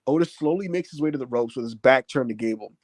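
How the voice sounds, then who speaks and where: A man recapping a wrestling show in casual chat, telling it with lots of fillers and acting out the quotes in big shouts. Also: medium pitch, fast, no room sound. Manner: animated retelling, acts out quotes in raised shouts.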